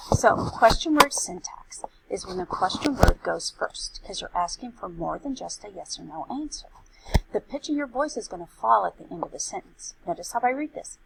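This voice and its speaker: A woman's voice: mid-range voice, vocal fry, slight background noise, low-quality recording. A woman, a teacher patiently explaining grammar and reading example sentences aloud. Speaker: Spanish teacher. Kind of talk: recorded grammar lesson.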